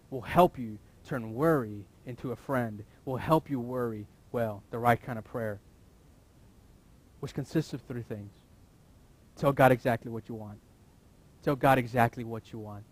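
A man preaching a sermon, repeating key phrases and now and then breaking into loud shouts. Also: mid-range voice. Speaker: pastor.

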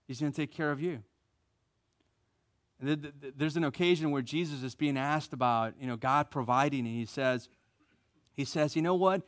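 An American man delivers a sermon in a slightly high voice, animated and emphatic. He repeats key phrases and pulls the congregation into call-and-response. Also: normal speed, pauses often. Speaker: preacher.

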